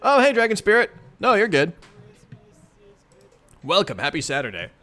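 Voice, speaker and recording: A man's voice: high voice, huge pitch swings, normal speed, bright, forceful tone, faint music behind. A man reading a webcomic aloud in a casual read-along, chatting and reacting to it and laughing often. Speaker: webcomic reader.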